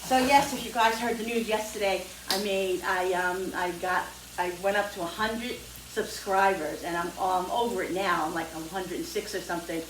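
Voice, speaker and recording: A woman's voice: mid-range voice, steady tone, normal speed. A woman hosting a home cooking video, talking in a rambling, chatty way with frequent self-corrections as she cooks. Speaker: home cooking channel host. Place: home kitchen with sizzling pan. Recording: echoey kitchen, distant mic, frying noise.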